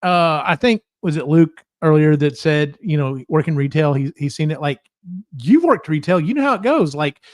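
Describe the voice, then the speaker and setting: A man's voice: a little high, expressive, moderate pace, darkish tone, dry recording, clean studio sound. A man hosting a casual podcast chat, rambling through stories and swearing freely. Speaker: podcast host.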